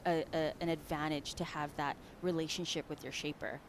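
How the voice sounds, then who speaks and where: A woman's voice: sits low, level tone, a little fast, slight background noise. A woman giving chatty color commentary on a surfing contest, often repeating words as she thinks. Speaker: surf commentator. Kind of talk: live sports commentary.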